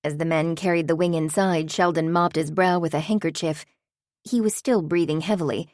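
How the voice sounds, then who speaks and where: A woman narrating a novel in a steady, even audiobook reading. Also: low voice, normal speed, no room sound, clean studio sound.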